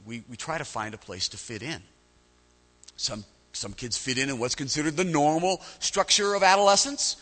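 A male pastor preaching a sermon, animated, often repeating words as he starts a phrase. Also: medium pitch, big-room sound.

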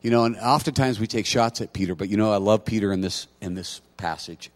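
A man preaching a sermon, telling a personal story in a conversational way and building to loud, emphatic preaching. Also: lowish voice, a little fast. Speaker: pastor.

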